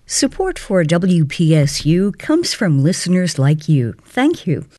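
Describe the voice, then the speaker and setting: A woman reads station identifications and sponsor credits in a crisp announcing style. Her pitch moves in a lively way, and the studio sound is dry. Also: measured pace, no echo.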